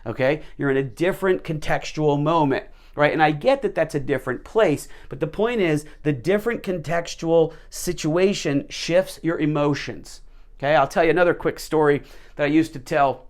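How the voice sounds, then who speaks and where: Guy teaching leadership stuff with stories, kinda high voice, animated, repeats himself a lot. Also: normal speed. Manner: animated, repeats words as he rephrases. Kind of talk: explanatory storytelling talk.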